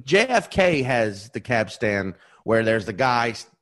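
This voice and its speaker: A man, a guest on a chat podcast, telling a story in a casual, animated way and acting out the people in it. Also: unhurried. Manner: animated, acts out characters with big pitch jumps.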